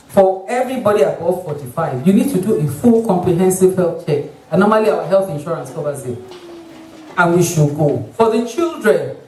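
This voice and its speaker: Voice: mid-range voice, warm tone. Nigerian accent, doctor, health talk, mimics patients, distant mic, echoey hall. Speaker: doctor, obstetrician. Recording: roomy hall, voice from far off the mic.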